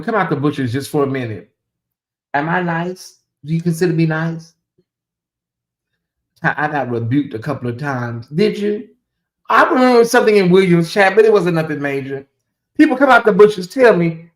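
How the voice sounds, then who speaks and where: Middle-aged male streamer, slightly high voice, playful and chatty, roomy echo. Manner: animated, teasing, talks straight to chat. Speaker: livestream host. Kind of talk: casual livestream chat. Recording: echoey room.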